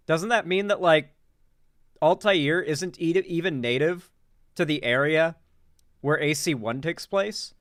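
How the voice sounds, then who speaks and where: A man's voice: on the high side, a little slow, a bit bright, dry recording, studio quality. A man doing casual live-stream commentary, rambling with lots of "like" and swearing freely.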